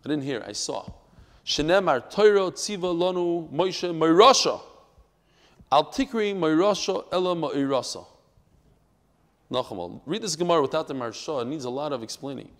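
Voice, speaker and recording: Teaching his daily Talmud class before a live audience, this man tells stories and drops Hebrew and Yiddish words into English, all delivered in an emphatic, lively way. His pitch is slightly high, his pace moderate, and the sound suggests a big room.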